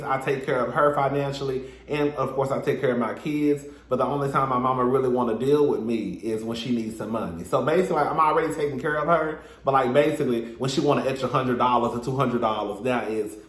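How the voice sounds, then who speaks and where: Sassy chatty man, echoey room. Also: mid-range voice. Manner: sassy, animated, chatty with asides to viewers. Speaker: reality TV reviewer. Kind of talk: casual recap commentary.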